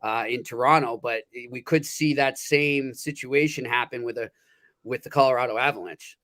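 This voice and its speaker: A man's voice: medium pitch, steady tone, normal speed, a bit bright. A man in a casual sports chat as a hockey beat writer, speaking candidly and often restarting his sentences.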